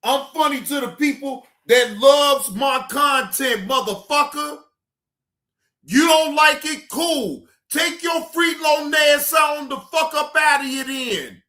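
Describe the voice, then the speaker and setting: High-pitched, slow-talking profane streamer. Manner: profane, heated, frequent shouting; repetitive dismissive sign-offs. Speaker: livestream reaction host. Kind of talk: livestream rant to chat.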